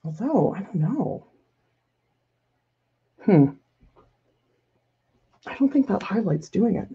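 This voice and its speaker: A woman's voice: mid-range voice, lively intonation, takes it slowly, warm tone, slightly rough. A woman art professor painting live, thinking aloud casually and critiquing her own work, laughing often as she answers viewer questions. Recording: slightly dull lo-fi sound.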